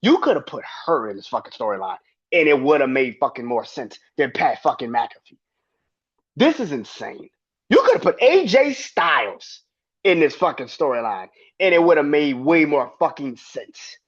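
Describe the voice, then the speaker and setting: On his own podcast, a man rants heatedly, swearing and hammering his points. His voice is a little high and sing-song, moving at normal speed, and the recording has a dull lo-fi quality.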